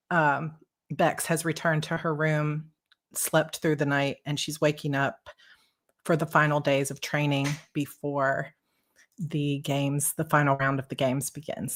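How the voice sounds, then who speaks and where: A woman author chatting with her audience, bubbly and excitable with quick restarts, then reading her own novel aloud live. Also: low-pitched.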